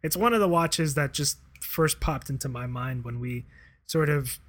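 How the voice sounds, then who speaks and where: A man chatting casually as a podcast co-host, relaxed and rambling, with lots of fillers and laughter. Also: medium pitch, moderate pace. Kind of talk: casual chat.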